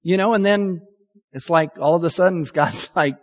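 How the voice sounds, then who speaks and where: A man's voice: on the high side, normal speed. A man, a pastor, preaching a conversational sermon in a candid, self-deprecating, chatty way. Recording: long reverb of a large hall.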